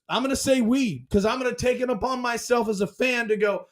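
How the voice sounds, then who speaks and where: Male fan podcast host, very high voice; dramatic, excitable, repeats himself. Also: brisk.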